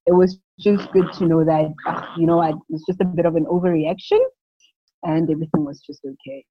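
A woman's voice: on the low side, level tone, fairly quick, dry recording. Chatty young woman with lots of fillers. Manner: rambling, many fillers, laughs often. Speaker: new mother interviewee. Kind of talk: casual interview talk. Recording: dull lo-fi sound.

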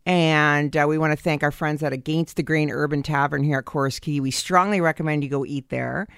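A woman's voice: sits low, fairly even intonation, brisk, creaky, clear, resonant tone, no echo, clean studio sound. A woman hosting a radio comedy show in casual, joking chat. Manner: chatty, jokey, thanks sponsors. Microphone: studio microphone.

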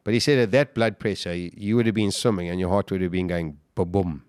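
A man's voice: fast talker, clean tone, no room sound, studio quality. Intense South African man telling a survival story. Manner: vivid, acts out shouts and quotes, voice jumps high when excited. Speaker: guest.

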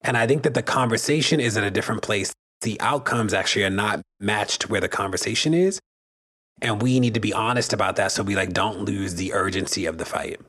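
A man's voice: on the low side, brisk, a bit bright, husky. A man speaking earnestly and emphatically in an interview, pressing his points and checking in with the listener. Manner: earnest, emphatic, often adds "right?". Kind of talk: interview commentary.

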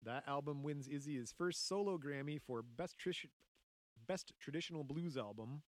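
A man's voice: fairly high pitch, moderate pace, dry recording. A man hosting a podcast, telling a story in casual chat, joking and laughing often.

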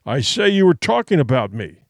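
A man playing a hoarse, snarling drunken sea captain. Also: medium pitch, very animated, brisk, no echo, clean studio sound. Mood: resentful. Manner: accusing, snarling, agitated.

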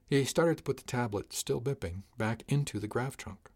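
A man giving a measured, dry first-person narration of a sci-fi audiobook. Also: mid-range voice, darkish tone.

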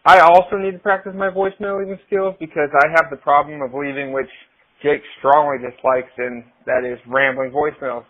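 A man's voice: fairly high pitch, fairly even intonation, a little fast. A man leaving a chatty, self-deprecating voicemail for a podcast. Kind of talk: voicemail message. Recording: tinny phone voicemail.

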